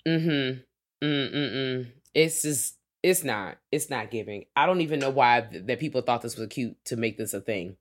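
Male podcast co-host, mid-pitched, slangy and profane, chatty and unpolished. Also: a little fast, few pauses. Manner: loose, slangy and profane, heavy on filler words. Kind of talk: casual film-review chat.

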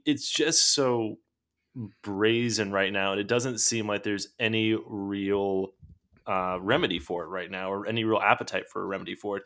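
Male panelist, lowish pitch, exasperated commentary with fillers. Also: fairly bright tone. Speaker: podcast panelist. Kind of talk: casual political commentary.

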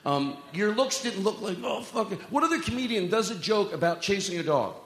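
A man's voice: high-pitched, expressive, a little fast. A man doing a live stand-up set, rambling, swearing and joking with the crowd in a self-mocking way. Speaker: stand-up comedian. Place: comedy club stage. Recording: echoey hall with long reverb.

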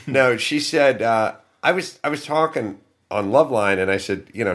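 Middle-aged male podcast host, sarcastic comic storyteller, bright forceful tone. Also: mid-range voice, lively intonation, normal speed. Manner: ranting, sarcastic, exasperated.

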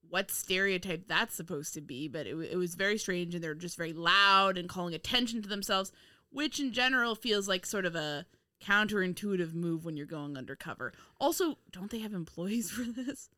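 Woman, podcast co-host, casual chat, frequent laughs, exasperated teasing, bright tone. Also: fairly low pitch, no echo, clean studio sound. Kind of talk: casual chat reviewing a TV episode.

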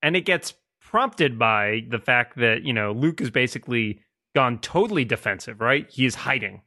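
A man's voice: medium pitch, expressive, normal speed, bright, forceful tone, no room sound, clean studio sound. A man co-hosting a casual podcast about films, talking in a joking, conversational way. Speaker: podcast co-host. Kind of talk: casual film discussion.

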